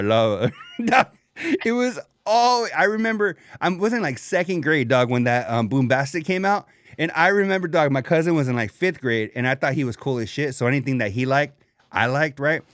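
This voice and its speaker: A man's voice: fairly high pitch, a bit bright, no echo, studio quality. A man co-hosting a podcast in casual, slangy chat, laid-back and laughing often. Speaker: podcast co-host.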